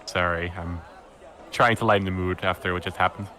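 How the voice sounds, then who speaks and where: A man's voice: sits low, steady tone, a little fast, sharp tone, voice pushed down. A man voicing a friendly, nervous male half-orc carpenter who speaks in an apologetic, slightly awkward way. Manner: apologetic, easygoing, a bit awkward.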